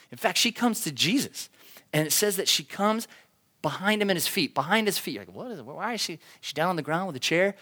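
A man preaching a sermon, telling a story with animated delivery and acted-out voices. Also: on the high side. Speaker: pastor.

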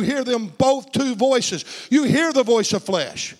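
A man preaching a sermon. He calls out for amens and swings from low, hushed asides to shouted climaxes. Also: moderate pace, few pauses, big-room sound.

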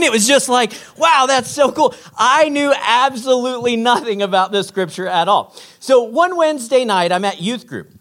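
Pastor guy telling a story in church, pitch jumping all over, acts out the voices. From Texas. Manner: storytelling, animated, acts out quotes. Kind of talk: sermon.

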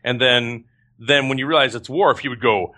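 A man who is a voice actor, chatting as a guest and telling animated stories that he often breaks into voices for. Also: mid-range voice, normal speed. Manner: animated storyteller, slips into voices. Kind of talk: casual chat.

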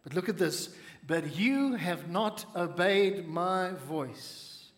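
A male pastor preaching a sermon, reading scripture aloud and breaking off into lively asides to the congregation. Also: high-pitched, takes it slowly.

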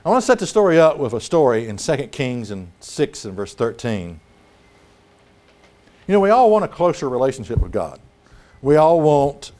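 A man preaching a sermon, animated and dramatic, acting out scripture scenes as he talks. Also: mid-range voice.

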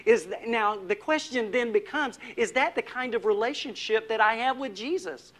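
A man preaching a sermon as pastor, putting questions to the congregation and dropping to a hush on key words. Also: very high voice, normal speed, hardly any pauses. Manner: asks the congregation questions, drops to a hushed voice for emphasis.

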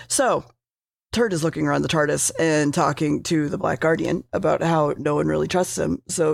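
A woman's voice: low voice, moderate pace, creaky, no room sound, clean studio sound. A woman casually recapping a TV episode, rambling, swearing freely and correcting herself as she goes.

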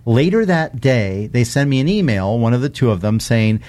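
A man's voice: medium pitch, lively intonation, moderate pace, warm tone. A man co-hosting a casual podcast chat, telling stories in a wry, self-deprecating way. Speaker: podcast co-host. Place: Texas.

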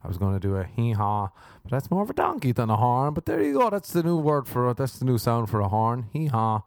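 An Irish man with an Irish accent hosts a solo comedy podcast from indoors at home by a window, speaking quickly in a medium-pitched, sing-song, slightly mellow voice. The recording is dry with clean studio sound. He rambles through crude jokes, swearing, jokey tangents and wordplay.

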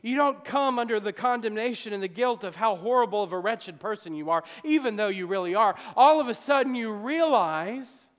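A male pastor preaches with fervor in a high, bright-edged voice, drops to near-confiding tones, then rises to shouting appeals. His voice rings with the long reverb of a church sanctuary. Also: expressive, normal speed, few pauses. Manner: fervent, swings from soft confiding to loud shouting. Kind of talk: sermon.

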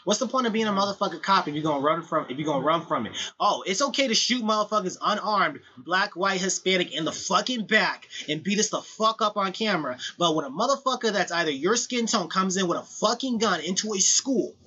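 A man co-hosting a podcast, talking heatedly in casual chat, profane and emphatic, with a husky voice. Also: high voice, animated, fairly quick, hardly any pauses, sharp tone. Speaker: podcast co-host. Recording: dull lo-fi recording.

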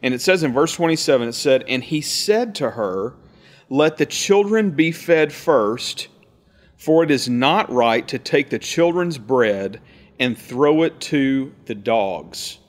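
A man preaching a sermon, explaining scripture in a conversational way with frequent restarts, and reading verses slowly. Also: mid-range voice, animated. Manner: reads scripture slowly and deliberately. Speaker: pastor.

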